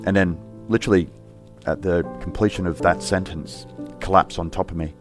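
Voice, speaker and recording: A middle-aged man, a police officer, recounting a personal story in an interview in a halting, reflective, plain-spoken way. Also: sits low, fairly even intonation, over music.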